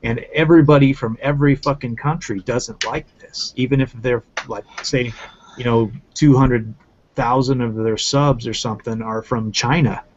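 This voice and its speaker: A man's voice: mid-range voice, steady tone, moderate pace, a little hiss or hum. A man ranting in casual commentary, swearing often and repeating himself for emphasis. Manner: profane, emphatic, repetitive ranting. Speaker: channel host. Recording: muffled lo-fi audio.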